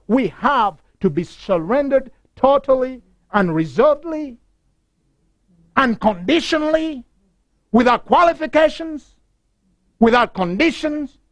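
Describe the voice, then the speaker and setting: A man's voice: extremely high pitch, a bit bright, no echo. A man preaching a broadcast sermon, telling stories with passion and repeating key phrases. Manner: impassioned storytelling with repeated phrases.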